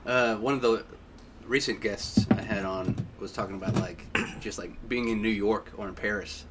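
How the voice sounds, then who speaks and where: A man's voice: on the low side, steady tone, moderate pace, heavy background noise. A man hosting a casual chat, reading out prompts in an amused way and laughing often. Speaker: podcast host. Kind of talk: casual question-and-answer chat.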